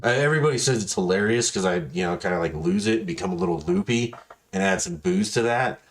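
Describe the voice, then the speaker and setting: A man on a podcast, his voice on the low side, speaks fast while spinning rambling, foul-mouthed stories in casual talk. He performs the voices of the people he describes with animation.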